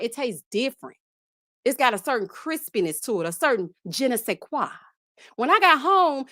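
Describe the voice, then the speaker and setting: A woman's voice: high voice, fairly bright tone, dry recording, studio quality. A woman, chatting casually and animatedly as host of a reality-TV recap, laughing often and calling listeners child and honey. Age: 30s.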